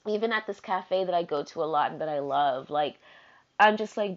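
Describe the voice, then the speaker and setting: A woman's voice: lowish voice, moderate pace. A young woman in a casual personal monologue, talking in an earnest, confiding way with lots of fillers, slang and swearing. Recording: dull lo-fi recording.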